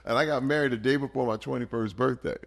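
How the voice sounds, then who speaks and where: A man in his fifties from Michigan, a podcast guest telling his life story in an earnest, animated way with big swings in energy. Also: mid-range voice, fast talker, creaky. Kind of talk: emotional personal storytelling.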